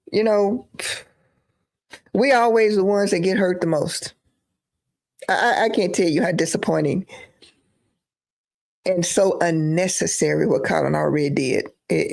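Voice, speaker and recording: A woman's voice: on the low side, measured pace, gravelly, long pauses, a little mellow. A woman giving emphatic live-stream political commentary, repeating phrases for emphasis.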